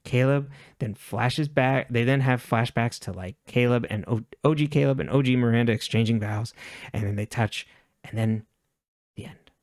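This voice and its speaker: A man's voice: medium pitch, darkish tone, dry recording. A man co-hosting a chatty podcast, walking through a show's plot with wry asides and the odd chuckle. His voice sits in a middle range, and the recording is dry and close with no room sound. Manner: recaps the plot with quick offhand asides and chuckles. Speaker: podcast co-host. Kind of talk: casual recap chat.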